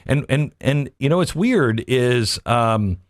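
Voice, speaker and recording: A man's voice: medium pitch, expressive, takes it slowly, no room sound, clean studio sound. A man hosting a political opinion show, delivering a monologue full of rhetorical questions and folksy asides. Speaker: political commentary host.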